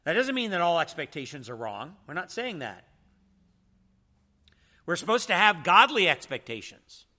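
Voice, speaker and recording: A man's voice: fairly high pitch, big pitch swings, normal speed, pauses often, pushed and bright. A man teaching a church seminar in a preaching style, emphatic and full of rhetorical questions.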